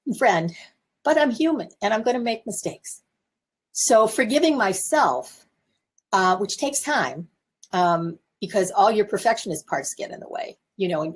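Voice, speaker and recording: Husky woman in her seventies, coaching. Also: mid-range voice. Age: 70s. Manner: warm self-reflective coaching, candid asides. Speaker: therapist and communication teacher. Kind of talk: casual talk to camera. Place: her office.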